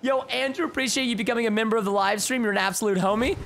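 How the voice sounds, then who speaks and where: A young man giving live gameplay commentary as a streamer, excitable and chatty, with bursts of yelling at the game. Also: very high voice, very fast, vocal fry. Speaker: gaming livestreamer.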